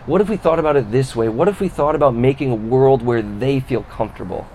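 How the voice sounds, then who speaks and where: A man's voice: medium pitch, fast, few pauses, a little mellow, a little hiss or hum. A man preaching a sermon as pastor, talking conversationally, asking rhetorical questions and calling out to the congregation. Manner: calls out to the congregation for response.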